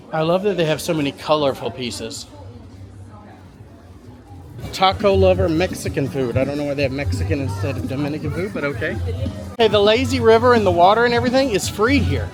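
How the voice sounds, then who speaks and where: This high-pitched man, a travel agent by trade, gives chatty, upbeat tour-guide commentary for a travel vlog. He walks the outdoor shopping area of a cruise port, pointing things out with easy asides.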